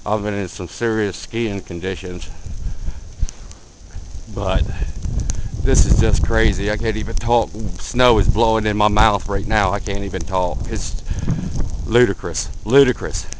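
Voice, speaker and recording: A man's voice: deep voice, noisy background. Give me a man, out of breath in the cold, filming himself trudging through snow on a handheld camera. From Delaware, USA. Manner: excited, repeats himself, calls viewer man. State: out of breath, face numb from cold. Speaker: vlogger filming a blizzard. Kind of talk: casual running commentary while filming. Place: outdoors in a blizzard, wind and snow. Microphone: handheld camera mic.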